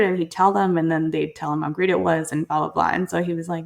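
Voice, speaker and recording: A woman's voice: lowish voice, fast, gravelly. A young woman telling her story as a podcast guest, earnest and candid, often restarting sentences and acting out family members as she quotes them. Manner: earnest, frequent restarts and "like", quoting family in lively voices.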